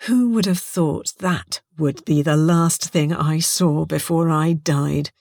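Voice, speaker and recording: A woman's voice: low voice, slow pace, vocal fry, a little mellow, dry recording, exaggerated voice. A woman voicing a weary, sardonic woman adventurer in a dry, grudging tone. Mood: wry. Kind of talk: audiobook character voice.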